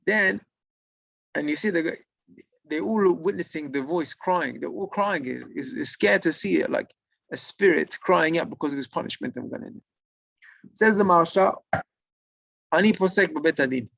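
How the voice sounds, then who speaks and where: A man telling a religious story in sermon style, animated and acting out the figures. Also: a little high, moderate pace, gravelly, dry recording, poor audio. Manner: animated, acts out the figures, mixes in Hebrew terms.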